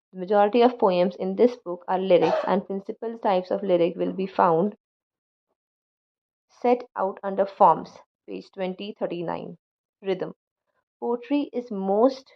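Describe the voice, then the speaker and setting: A woman reading a poetry anthology introduction aloud, careful and halting, with small restarts. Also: mid-range voice, muffled recording.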